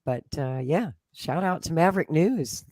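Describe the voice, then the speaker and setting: A woman's voice: deep voice, expressive, moderate pace, a little mellow, dry recording, clean studio sound. An American woman talking politics as a podcast guest, confident and talkative, with frequent restarts. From United States. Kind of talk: casual political chat.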